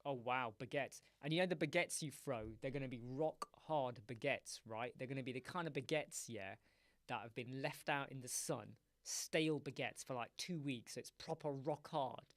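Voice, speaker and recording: A man's voice: medium pitch, normal speed, no echo. A man hosting a live web design stream, joking and rambling playfully to his chat viewers.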